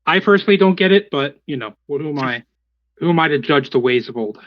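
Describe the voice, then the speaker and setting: A man's voice: fairly high pitch, animated, brisk, dry recording, highs cut off, close to an everyday voice. A man playing a polite druid adventurer.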